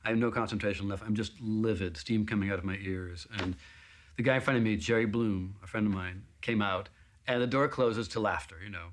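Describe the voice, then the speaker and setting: A man recounts an audition story at a slightly quick clip, with a faint hiss or hum in the background. He tells it as a lively anecdote, voicing the other people's lines with big leaps in pitch.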